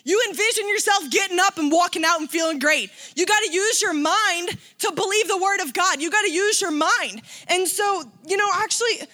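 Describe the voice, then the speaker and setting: A woman preaching with fervor, her voice very high and bright. She builds emphasis through repetition and urgent declarations. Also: normal speed, few pauses. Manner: impassioned, emphatic, repeating phrases. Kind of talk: sermon.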